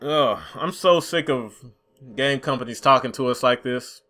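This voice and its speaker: A man's voice: medium pitch, moderate pace, sharp tone. A young man in a gaming commentary vlog, frustrated and profane, mocking the companies as he rants. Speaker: gaming YouTuber.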